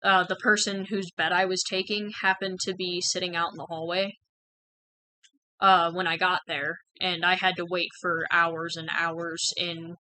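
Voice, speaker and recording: Young woman, candid personal story, frank chatty delivery, fairly low, bright tone. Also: level tone, unhurried, low-quality recording. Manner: frank and conversational, with many "like"s and "um"s. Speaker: channel host sharing personal experience.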